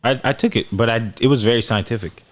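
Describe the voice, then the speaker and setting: A man's voice: mid-range voice, fast. A young man co-hosting a podcast, telling stories in casual chat and acting out the quotes. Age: young adult. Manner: animated storyteller, acts out quotes. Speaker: podcast co-host.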